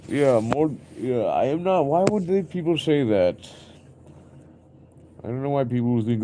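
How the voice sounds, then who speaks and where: A man's voice: medium pitch, big pitch swings, a little slow, dark tone, a little hiss or hum. A young man streaming live, rambling and musing aloud in an introspective way, often repeating himself.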